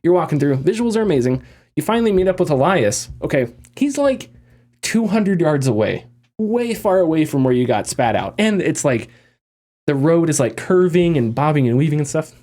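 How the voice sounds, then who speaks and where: A man with a slightly high voice talks through a story in casual podcast chat. He rambles, restarts his phrases and keeps the energy up. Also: normal speed. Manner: animated, rambling, frequent restarts and laughs. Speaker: podcast host.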